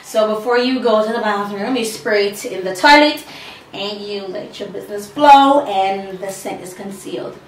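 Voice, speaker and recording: A woman with a medium-pitched voice speaks at a moderate pace, out of breath, while showing what's in her bag in a casual vlog, tossing sassy asides to viewers. She's in a room at home with a fan, and the echoey recording is far from the mic with a faint hum.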